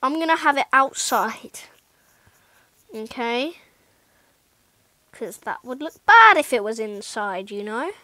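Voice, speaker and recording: A woman with a fairly high voice, talking slowly through casual gameplay commentary. She rambles and pokes fun at herself, dropping into muttered whispers between louder remarks. The sound is close and dry. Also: lively intonation, no room sound, rough recording. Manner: rambling, self-mocking, drops into muttered whispered asides. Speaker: gaming YouTuber.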